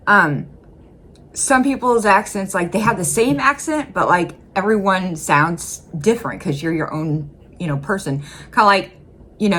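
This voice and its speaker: A woman's voice: fairly low pitch, a bit bright. A woman from the Midwest United States hosting a reaction video, chatting casually and rambling with plenty of "like" and "um". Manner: rambling, heavy with "like" and "um". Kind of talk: casual commentary.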